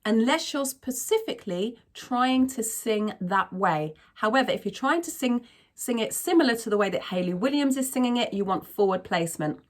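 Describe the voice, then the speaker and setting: A woman's voice: on the high side, lively intonation, normal speed. A woman vocal coach explaining singing technique in a frank, chatty tutorial manner. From not from America.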